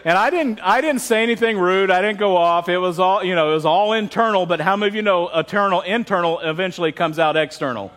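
A high-voiced male pastor preaches a sermon, telling candid and funny stories about his own faults. His delivery is frank and conversational, drawing the congregation in. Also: fast talker, hardly any pauses, fairly bright tone. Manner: candid, humorous storytelling.

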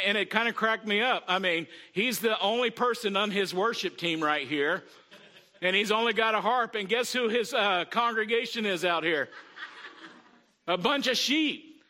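Bright high-voiced preaching man. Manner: conversational preaching with frequent "Amen?" call-outs. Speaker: pastor. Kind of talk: sermon.

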